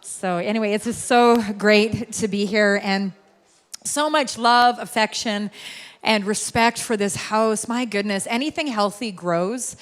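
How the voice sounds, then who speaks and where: A woman's voice: mid-range voice, measured pace. A middle-aged woman from Alberta, Canada, giving chatty, laughing opening remarks as a guest preacher in a church. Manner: chatty, laughing, self-deprecating asides. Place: large church sanctuary. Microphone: handheld or stage microphone.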